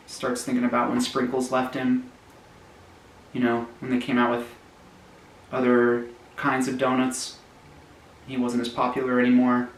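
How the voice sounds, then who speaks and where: A man telling a long, absurd joke story in a deadpan, mock-tragic way, sometimes trailing off quietly. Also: mid-range voice, echoey room, rough recording. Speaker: comedy storyteller.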